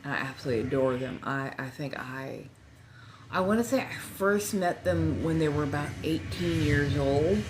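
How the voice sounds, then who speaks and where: A woman's voice: low-pitched, moderate pace, noisy background. A woman in her forties with a Californian accent, chatting and rambling on a casual livestream while slightly tipsy at a friend's house. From Southern California. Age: 40s. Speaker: livestream host.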